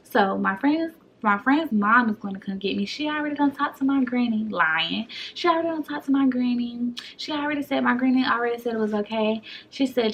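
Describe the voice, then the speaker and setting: A young woman vlogger telling a storytime in a casual, animated way, acting out each quote. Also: fairly high pitch, a little fast, hardly any pauses. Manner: animated, acts out every quote.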